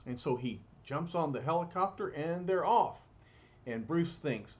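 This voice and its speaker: A man's voice: on the high side, animated, measured pace, muffled recording, slight background noise. Chatty man reading a comic aloud. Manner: chatty, with fillers and asides to listeners. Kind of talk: casual read-aloud with asides.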